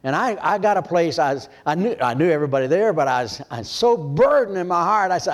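Older male pastor from Michigan, slightly high voice, storytelling sermon that swings from hushed to loud. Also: animated, fast talker, hardly any pauses.

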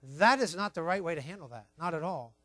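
A man preaching a sermon, emphatic and repetitive, telling his listeners to write points down, swinging between quiet asides and loud stressed words. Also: on the high side, expressive, a little fast, no room sound. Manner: emphatic, repeats key points, tells listeners to write things down. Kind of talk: sermon on child training.

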